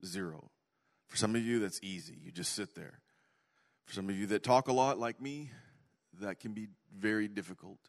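A man preaching a sermon, telling an animated story, swinging from loud to hushed. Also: on the low side, normal speed, vocal fry. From Canada. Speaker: pastor.

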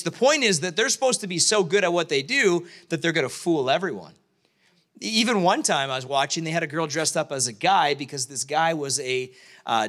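A man in his late forties, a pastor, preaching to his church and praying in a conversational, halting way with many restarts. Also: sits high, bright, forceful tone. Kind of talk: sermon with prayer and storytelling. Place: church sanctuary.

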